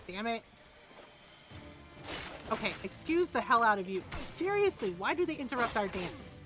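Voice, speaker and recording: A woman's voice: a little high, big pitch swings, moderate pace, pauses often, music in the background. A woman streaming a video game, chatting casually, joking, laughing often and mimicking characters as she plays. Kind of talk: casual gameplay commentary.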